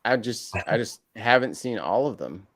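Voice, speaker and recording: A man hosting a casual group chat, animated and quick to laugh, often restarting his phrases. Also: mid-range voice. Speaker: podcast host.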